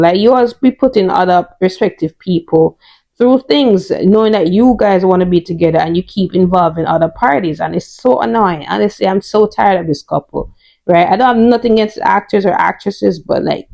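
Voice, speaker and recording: A woman's voice: fairly low pitch, moderate pace, gravelly, a little mellow. A woman in her thirties chatting through a casual soap opera episode recap, opinionated and full of "you know" and "right?". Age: 30s.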